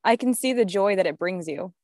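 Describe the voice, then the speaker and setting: A woman's voice: mid-range voice, lively intonation, brisk, a little mellow, no echo. Supportive woman co-host, dry close sound. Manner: supportive, laughs along. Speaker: podcast co-host. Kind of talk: casual chat.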